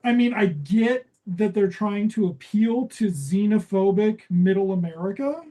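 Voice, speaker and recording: A woman's voice: mid-range voice, a little slow, dark tone. A woman co-hosting a comedy podcast, sarcastic and profane, quoting the characters as she recaps a TV episode. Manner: sarcastic, profane, quotes characters in put-on voices. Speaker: podcast co-host.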